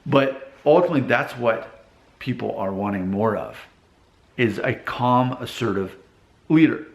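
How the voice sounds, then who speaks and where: A man's voice: mid-range voice, measured pace. Casual man talking in an echoey workshop. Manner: conversational, acts out quoted people in exaggerated voices. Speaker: vlogger giving advice. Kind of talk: casual advice monologue to camera. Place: his father's car repair shop.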